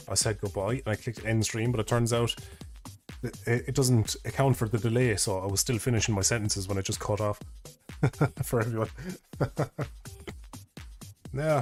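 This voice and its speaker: Speaking into a desk microphone on a live stream, a young Irishman rambles in easy conversation, laughing and swearing casually. His voice sits in the mid range.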